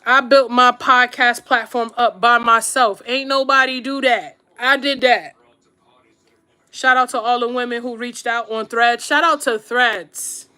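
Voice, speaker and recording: This is a woman streamer chatting with her viewers while she does her makeup. Her voice is bright and forceful and sits a touch high. She talks bluntly and slangily, straight to her audience, and repeats things for emphasis. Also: fairly even intonation, measured pace, smooth. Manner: slangy, addresses viewers directly. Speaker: YouTube streamer and podcaster. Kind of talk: casual advice chat while doing makeup.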